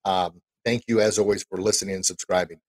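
A man's voice: sits low, steady tone, quick pace, a little mellow, rough recording. A man hosting an interview podcast, chatting with his guest in an eager, encouraging way. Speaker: podcast host. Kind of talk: casual interview chat.

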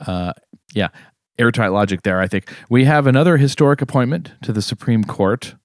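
A tipsy man co-hosting a podcast and reading out a wry, sardonic commentary segment, clearing his throat now and then. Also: medium pitch, animated, moderate pace, long pauses, dry recording, clean studio sound. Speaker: podcast co-host. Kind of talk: casual chat and read-aloud commentary segment.

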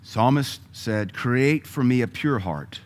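A man preaching a sermon, moving between loud emphatic lines and quiet asides and chuckling with the congregation. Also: medium pitch, animated, slow. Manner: laughs often, conversational asides to the congregation.

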